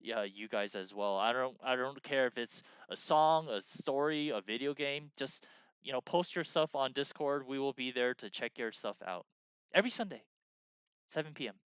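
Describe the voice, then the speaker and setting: A man's voice: medium pitch, normal speed, fairly bright tone, clear, resonant tone, no echo. A man co-hosting a game design stream in casual chat, rambling with lots of fillers and restarts as he reads out viewer messages.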